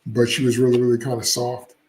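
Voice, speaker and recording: Man, casual commentary host, opinionated, mellow voice, roomy echo. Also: mid-range voice, monotone, fast, slight background noise. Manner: opinionated, chatty, frequent uh fillers and asides. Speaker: comics channel host.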